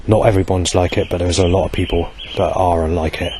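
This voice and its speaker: Low-voiced hesitant man. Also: fairly even intonation, brisk, mellow, slight background noise. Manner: hesitant, digressive, many fillers and restarts. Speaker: vlogger. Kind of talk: rambling monologue.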